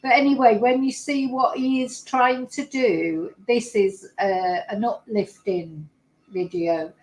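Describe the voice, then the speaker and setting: A woman's voice: a little high, takes it slowly, darkish tone, roomy sound, poor audio. A woman hosting a livestream, reacting to clips with chatty, emotional exclamations. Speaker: host.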